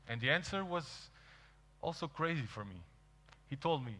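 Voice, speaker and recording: A man with a Portuguese accent, a native Portuguese speaker, giving an animated storytelling talk to an audience and acting out quoted dialogue. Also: medium pitch, a little fast. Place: large event hall. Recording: reverberant hall.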